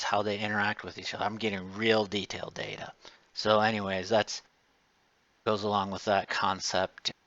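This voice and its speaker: A man's voice: lowish voice, fairly bright tone, no echo, dull audio. A man giving a recorded lecture, wandering off on tangents and restarting his sentences. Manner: rambling, digressive, restarts often. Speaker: instructor.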